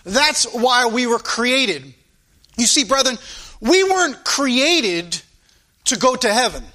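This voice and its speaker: High-pitched, bright-voiced fervent preacher man. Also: lively intonation. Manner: fervent preaching with repeated phrases and drawn-out emphasis. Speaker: pastor. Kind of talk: sermon.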